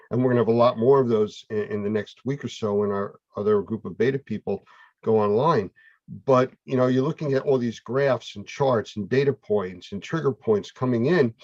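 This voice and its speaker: A man's voice: medium pitch, a little mellow, no room sound. Man, host, casual chat, explanatory, dull lo-fi audio, dry sound.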